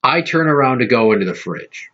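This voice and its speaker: A man hosting a podcast, telling profane, animated stories in casual chat. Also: mid-range voice, a little fast, highs cut off. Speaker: podcast host.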